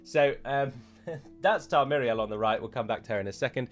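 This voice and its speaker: A man's voice: medium pitch, a little fast, soft background music. A man, chatting casually and with opinions as he reviews a trailer for his viewers, with frequent fillers and self-corrections.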